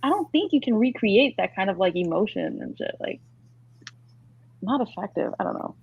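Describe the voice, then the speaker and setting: A woman's voice: medium pitch, wildly swooping pitch, normal speed, creaky, breathy edge, phone-quality sound. A woman co-hosting a podcast, rambling in casual chat with lots of filler words. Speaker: podcast co-host.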